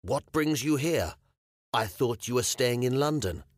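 A man's voice: mid-range voice, lively intonation, unhurried, dry recording, clean studio sound, voice pushed up, lightly acted. A male audiobook narrator voicing a weary, frustrated medieval king who speaks impatiently. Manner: irritable, scowling, impatient. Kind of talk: audiobook character voice.

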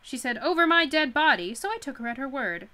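A woman voicing a scheming, mocking witch while reading a novel aloud, with a bright voice. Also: high-pitched, animated, fairly quick, voice pushed up. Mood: cold. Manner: taunting, amused.

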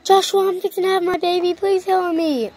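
A woman voicing a loud, dramatic pregnant female animal in an amateur cartoon, whiny and indignant, often shrieking. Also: very high-pitched, steady tone, fairly quick, a little hiss or hum. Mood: pleading.

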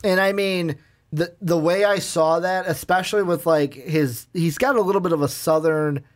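A man's voice: on the high side, fairly even intonation, moderate pace. Rambling man co-hosting a film chat. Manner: rambling, full of "like", acts out quoted lines. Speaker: movie review podcast co-host. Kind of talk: casual chat.

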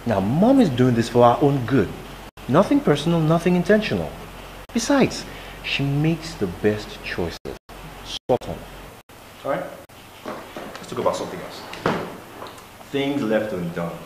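A man's voice: mid-range voice, sing-song, unhurried, long pauses, darkish tone, a little hiss or hum. An actor with a Nigerian accent playing a young fiancé who defends his mother and tries to talk his partner down. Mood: soothing. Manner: placating, talks her down. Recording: echoey room with music under.

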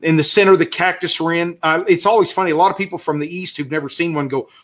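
Talking fast in a fairly high, steady, slightly bright voice, a Southern US birding guide runs through a casual slide talk. He's eager and rambling, with many fillers and restarts.

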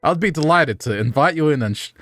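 A man's voice: fairly high pitch, lively intonation, quick pace, a bit bright, dry recording. A jolly, grandfatherly old Santa, as voiced by a synthetic male game voice. He speaks in cheery, flowery phrases, with a dry, close sound. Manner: cheery, flowery storybook speech.

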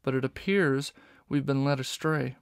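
A man voicing a fierce female fox police inspector who shouts orders, from a storybook reading. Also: mid-range voice, normal speed, smooth, no echo, clean studio sound, lightly acted. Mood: determined. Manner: forceful, shouting.

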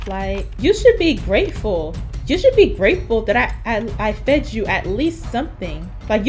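A young woman chatting through a role-play video game as a sassy nurse character, teasing and talking back. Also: medium pitch. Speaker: gaming YouTuber playing a nurse character. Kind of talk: Roblox role-play commentary. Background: game background music.

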